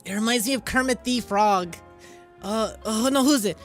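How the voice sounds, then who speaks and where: Man streamer, casual chat, high lively voice, giggly and rambling, faint background music. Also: moderate pace. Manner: giggly and rambling, with frequent self-interruptions.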